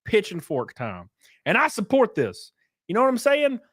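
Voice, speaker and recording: Man, young, livestream host, crude mocking rants, lively swooping pitch, dry close sound. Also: normal speed, no room sound. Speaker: streamer host. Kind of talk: casual livestream commentary.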